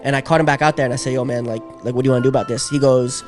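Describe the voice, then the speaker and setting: A man's voice: medium pitch, steady tone, racing, a little mellow, soft background music. A man guest in an interview, telling a long story in a casual, streetwise way with lots of fillers.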